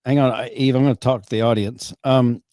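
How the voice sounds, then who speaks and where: A man's voice: mid-range voice, fairly even intonation, brisk, mellow, no room sound, clean studio sound. A man hosting a podcast, talking casually and rambling with many restarts. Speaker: podcast host. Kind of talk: casual chat.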